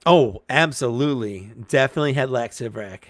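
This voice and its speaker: A man's voice: mid-range voice, a little fast, fairly bright tone, no room sound, clean studio sound. A man in casual live chat while opening toys, laughing often and talking animatedly. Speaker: toy-unboxing show co-host.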